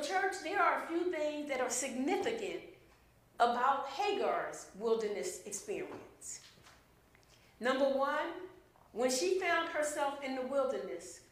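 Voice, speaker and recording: Lady preacher, slow and deliberate, real high voice, big echo like a church. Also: fairly bright tone. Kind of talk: sermon. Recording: very echoey room.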